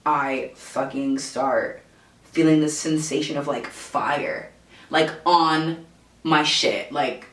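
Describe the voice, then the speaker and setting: A young woman vlogger telling a casual storytime at home, animated and profane, with lots of filler words. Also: sits low, takes it slowly. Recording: roomy, distant camera audio.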